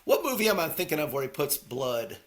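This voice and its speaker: A man co-hosting a casual podcast, chatting about movies and sports with a laughing, animated manner. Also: on the high side, brisk. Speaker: podcast co-host.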